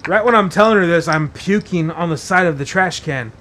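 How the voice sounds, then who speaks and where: A male podcast host tells a story in a loose, rambling way, swearing constantly and leaning on fillers. His voice sits a bit high for a man. A faint low rumble runs underneath. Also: a little fast, a bit bright. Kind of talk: casual storytelling.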